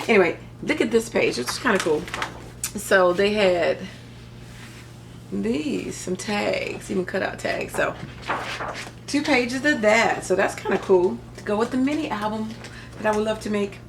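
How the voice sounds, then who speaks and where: Chatty gravelly woman crafter. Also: medium pitch, lively intonation, unhurried, pauses often, background noise. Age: middle-aged. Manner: chatty, rambling, self-joking asides. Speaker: crafting vlogger. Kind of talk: casual haul show-and-tell.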